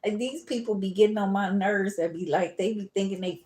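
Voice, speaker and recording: Chatty tarot-reading woman, low voice. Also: normal speed, few pauses, darkish tone. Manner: chatty, laughs often, calls listeners boo and baby. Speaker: tarot reader. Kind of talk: casual tarot reading livestream.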